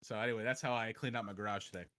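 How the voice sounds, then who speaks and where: A man in his thirties telling a story in casual podcast chat, animated and acting out the voices in it. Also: fairly low pitch, very fast, over a noisy crowd. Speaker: podcast guest.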